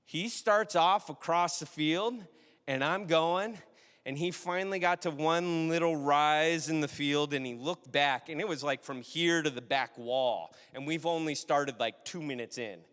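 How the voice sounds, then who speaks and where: A man's voice: on the high side, unhurried, fairly bright tone, clear, resonant tone, long reverb tail. A man preaching a sermon in a conversational, storytelling way, often asking the audience questions. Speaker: pastor.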